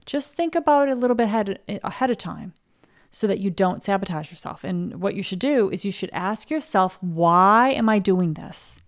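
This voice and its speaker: Animated and a little fast, her medium-pitched voice carries a darkish tone. She's a podcast host and coach for artists delivering a casual motivational talk, swearing openly, speaking bluntly and dramatizing her listeners' inner doubter.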